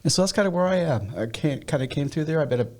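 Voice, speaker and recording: A man's voice: on the high side, lively intonation, very fast, a little mellow. A man with a Midwestern American accent, a pastor who leads a nonprofit, telling stories in an interview with many restarts. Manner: storytelling, with frequent restarts. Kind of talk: interview conversation.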